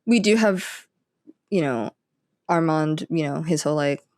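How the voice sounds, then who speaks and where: A woman's voice: low-pitched, a little mellow, dry recording, studio quality. A woman co-hosting a podcast, chatting casually about a TV series and briefly acting out characters' lines. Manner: chatty, acts out characters' lines in quick impressions. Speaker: podcast co-host. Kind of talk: casual chat recapping a TV series.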